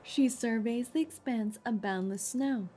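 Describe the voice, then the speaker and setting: A woman's voice: a little high, unhurried, warm tone. A woman streaming a game playthrough. She chats playfully with her viewers, giggles often, and reads the story text aloud.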